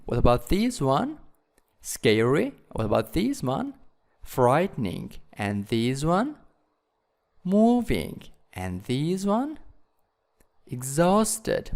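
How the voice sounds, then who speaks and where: A man teaching English vocabulary to schoolchildren, repeating each word slowly so learners can follow. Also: a little high.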